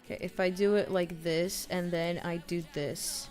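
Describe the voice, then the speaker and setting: A woman in her twenties streaming live, chatting casually, excitable and a bit nervous as she greets her viewers. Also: lowish voice, unhurried, soft background music. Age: 20s. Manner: excitable, gushing greetings to chat; nervous, self-conscious chatter.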